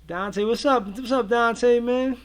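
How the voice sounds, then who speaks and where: A high-voiced man chats easily with his viewers, full of slang and strings of yeah, yeah. His talk is loose and relaxed, the style of a casual livestream co-host. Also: slow pace, clear, resonant tone. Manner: laid-back, slangy, many repeated fillers. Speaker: co-host of a reaction show.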